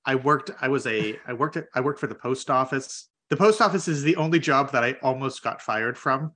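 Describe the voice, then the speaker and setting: A young man co-hosting a casual podcast chat, telling a story with lively quoted voices. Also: medium pitch, fairly quick. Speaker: podcast co-host.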